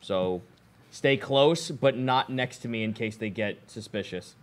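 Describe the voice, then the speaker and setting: A man playing in a tabletop game, talking casually and giving brisk directions. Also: mid-range voice. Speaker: player.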